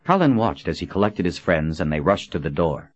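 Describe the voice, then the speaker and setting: A man narrating an audiobook in a measured storytelling manner. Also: deep voice, no echo, soft background music. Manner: measured storytelling with expressive character voices.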